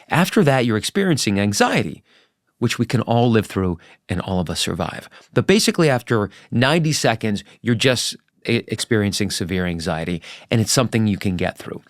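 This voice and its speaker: A man's voice: lowish voice, no room sound, studio quality. A middle-aged man, a journalist guest in an interview, talking candidly and earnestly, acting out his anecdotes with animation.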